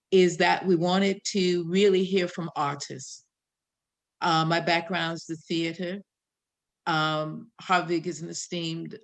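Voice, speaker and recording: Gravelly older woman, Chicago accent. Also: low-pitched. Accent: South Side Chicago. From American Midwest. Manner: reflective, riffing, with pauses. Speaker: host. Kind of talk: hosting an online panel.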